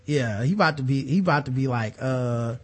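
A man co-hosting a casual sports talk show, animated and profane, slipping into mocking impressions. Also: medium pitch, a little fast. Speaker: podcast co-host.

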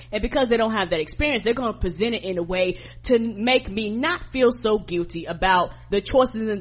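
A woman's voice: mid-range voice, a bit bright, breathy edge. A woman co-hosting a podcast in casual commentary, speaking bluntly and passionately with profanity. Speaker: podcast co-host.

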